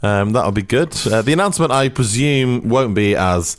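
A man's voice: mid-range voice, expressive, normal speed, crowd noise. A man co-hosting a podcast in casual, rambling, jokey chat. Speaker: podcast co-host.

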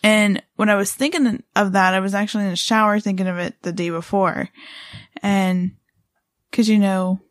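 A woman's voice: medium pitch, steady tone, moderate pace, dry recording, studio quality. A woman co-hosting a podcast, telling a story in a rambling, casual way with lots of fillers and restarts. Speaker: podcast co-host.

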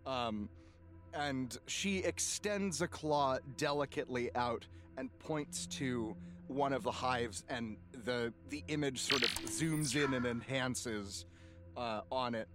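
A man's voice: mid-range voice, slow pace, music in the background. A man narrating a tabletop game as game master, hesitant, with frequent ums and laughs.

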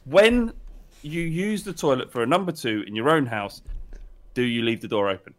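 A man's voice: medium pitch, expressive, normal speed. A young man co-hosting a casual podcast, playfully teasing and quizzing his friend. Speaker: podcast co-host. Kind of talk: casual chat.

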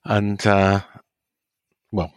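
A man's voice: lowish voice, little pitch movement, very slow, smooth, no room sound. A man hosting a podcast, bantering and teasing his co-hosts in casual chat. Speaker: podcast host.

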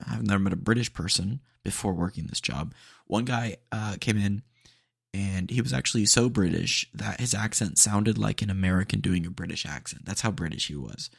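Gravelly laid-back male podcast host. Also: lowish voice, moderate pace, dry recording, studio quality. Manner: rambling, filler-heavy, laid-back slang. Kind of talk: casual rambling chat.

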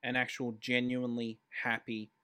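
A man's voice: mid-range voice, monotone, normal speed, sharp tone, clean tone. An Australian man co-hosting a podcast, chatting casually and cracking jokes in short remarks. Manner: joking, brief interjections. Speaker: podcast co-host. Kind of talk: casual chat.

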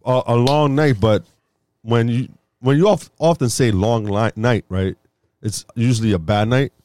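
A man's voice: mid-range voice, measured pace, a little mellow, clean tone, no echo, clean studio sound. A man co-hosting a casual podcast, easygoing and teasing his partner. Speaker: podcast co-host.

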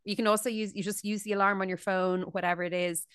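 A woman's voice: mid-range voice, little pitch movement, fast, a bit bright, smooth, dry recording, studio quality. A woman co-hosting a podcast, chatting casually in a rambling way with lots of likes and ums. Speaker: podcast co-host.

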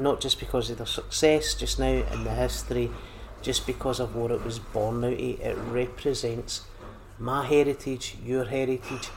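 A mid-range male voice with a Scottish accent belongs to a comedian appearing as a podcast guest, heard over slight background noise. He chats casually and tells anecdotes in an animated way, acting out quotes and often repeating phrases.

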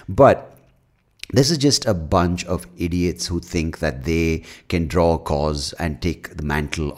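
A man's voice: lowish voice, darkish tone. A man hosting a solo podcast, ranting in a blunt, profane, opinionated way, rambling with many fillers and restarts. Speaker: podcast host.

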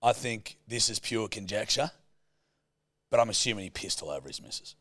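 A man's voice: lowish voice, animated, fairly quick, a bit bright, no echo. An Australian man co-hosting a podcast, trading blunt, sweary banter. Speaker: podcast co-host. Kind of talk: casual chat.

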